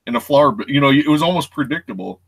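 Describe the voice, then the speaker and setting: A man's voice: medium pitch, expressive, rapid-fire, gravelly, a bit bright, slightly rough. A man co-hosting a live reseller show, telling rambling, folksy anecdotes in casual chat.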